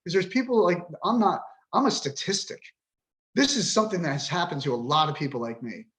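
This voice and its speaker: A man's voice: high voice, a little fast, fairly bright tone. A man in his fifties, a podcast guest, talking with frustration and swearing bluntly as he vents. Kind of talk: emotional interview talk.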